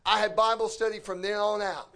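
A man preaching a fervent sermon, often shouting and lapsing into a sing-song cadence. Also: high voice, little pitch movement, a little fast, creaky.

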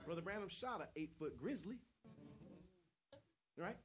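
A man preaching a sermon, retelling Bible stories in acted voices and rising to loud shouts. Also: high voice, animated, measured pace. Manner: storytelling preacher who acts out the voices of Bible figures, builds to shouts.

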